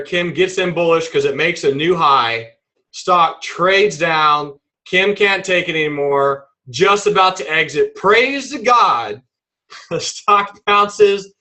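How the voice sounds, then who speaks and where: A man teaching a trading webinar in a playful, animated way, acting out examples as he explains them. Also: high-pitched, rough recording. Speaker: trading instructor.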